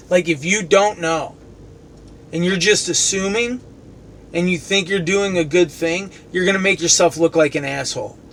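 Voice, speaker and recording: High-voiced man ranting heatedly with car noise. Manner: heated, profane, sarcastic. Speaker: commercial kitchen and duct cleaner. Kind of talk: angry venting rant. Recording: steady traffic and car noise behind.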